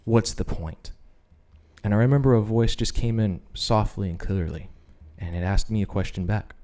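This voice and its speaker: A man's fairly low, dark voice moves a little quickly as he relates his faith testimony on a podcast. He tells it earnestly, like a story in casual conversation, performing the quoted voices.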